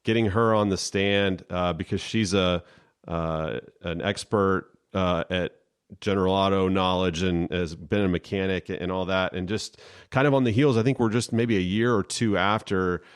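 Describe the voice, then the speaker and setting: Deep-voiced man in relaxed chat. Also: clean tone. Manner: halting, many fillers and restarts. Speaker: podcast co-host, lawyer. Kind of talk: casual chat.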